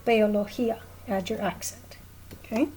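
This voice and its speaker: A woman's voice: fairly high pitch, a little slow, a little mellow, a little hiss or hum, rough recording. A woman teaching a recorded lesson, explaining patiently at a whiteboard and often checking in with "okay?". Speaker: Spanish teacher.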